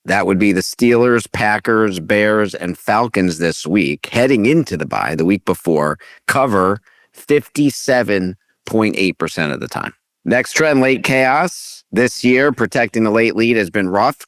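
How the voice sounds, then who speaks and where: A man hosting a sports betting podcast, reading quick stats with a wry, dry sense of humor. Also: on the low side, dry recording. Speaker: podcast host. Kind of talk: casual podcast segment hosting.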